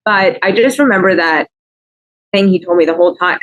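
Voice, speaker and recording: A woman's voice: on the low side, a little fast, rough recording. A woman guest on a podcast, talking openly and casually as she tells personal stories. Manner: open, storytelling, casual. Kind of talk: candid podcast chat.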